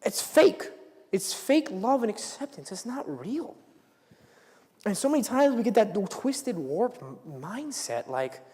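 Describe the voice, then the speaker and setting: A man's voice: sits high, warm tone. A young man giving a casual sermon as a student speaker, talking conversationally and dropping into whispers when he acts out quotes. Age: young adult. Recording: reverberant hall, live stream.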